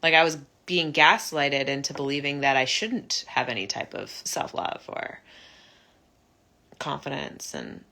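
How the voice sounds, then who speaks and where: A young woman telling her own recovery story in an earnest, heartfelt monologue, often halting and restarting. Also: rumbling low, lively intonation, vocal fry, bright, forceful tone. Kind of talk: personal reflective monologue.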